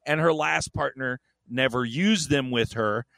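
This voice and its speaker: A man's voice: mid-range voice, measured pace, vocal fry, fairly bright tone, no echo. A man co-hosting a podcast, telling a story in a rambling, profane, joking way. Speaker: podcast co-host. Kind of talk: casual chat.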